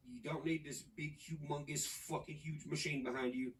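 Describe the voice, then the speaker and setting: A man's voice: a little high, steady tone, normal speed. Man from Nashville, podcast guest, profane rambling storyteller; a bit distant mic, faint hiss. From Nashville, Tennessee. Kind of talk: casual podcast chat.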